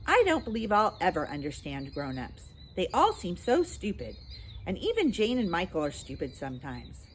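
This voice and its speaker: A woman voicing a chatty, scornful baby boy twin in a storybook reading, in a high childlike voice. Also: huge pitch swings, normal speed, slight background noise. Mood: indignant.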